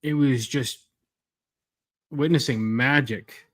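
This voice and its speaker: A man's voice: mid-range voice, takes it slowly, a bit bright. Man, co-host, casual talk, loose and filler-heavy. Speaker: podcast co-host. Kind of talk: casual chat.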